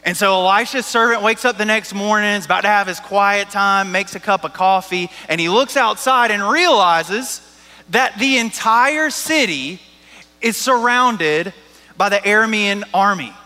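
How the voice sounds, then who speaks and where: A man's voice: high-pitched, a little slow, pushed and bright, in a large hall. A man preaching a sermon as a pastor, talking in a casual, joking way with lots of "like" and "right?".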